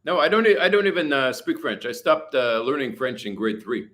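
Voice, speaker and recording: A man's voice: medium pitch, big pitch swings, brisk, a bit bright. A man from Canada chatting casually on a livestream, reading viewer comments and rambling with many fillers. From British Columbia, Canada. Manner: chatty, rambling, lots of "you know" and "uh". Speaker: livestream host. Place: hot room at home with a fan.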